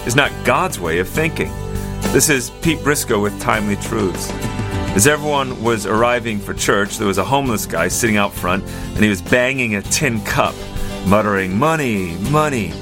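Male radio pastor, low voice, storytelling over music. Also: normal speed. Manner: narrates a story with calm emphasis.

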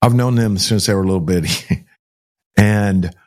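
A middle-aged man, a pastor, telling a personal story to an interviewer in an animated, emphatic way, acting out dialogue and repeating himself. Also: on the low side, measured pace.

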